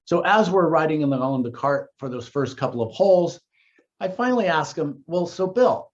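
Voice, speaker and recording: Lively storytelling man, dull lo-fi sound. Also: a little high, a little fast. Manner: conversational, retelling dialogue with repeated words. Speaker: dating coach and company founder. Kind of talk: storytelling address to viewers.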